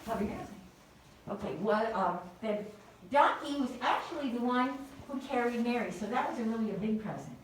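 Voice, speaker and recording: A woman teaching small children in a classroom, prompting them in a gentle, sing-song way and praising their answers. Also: fairly high pitch, lively intonation, brisk, a little hiss or hum. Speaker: preschool teacher. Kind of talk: leading a children's Christmas lesson. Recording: very echoey room, distant mic.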